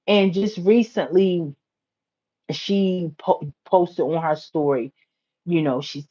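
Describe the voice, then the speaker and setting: A woman from the United States chats on a casual livestream, telling a story in a rambling way and repeating her phrases. Her voice sits a little low, and her pitch climbs when she gets excited. The sound is muffled, like lo-fi livestream audio. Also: slow pace. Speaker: livestream host.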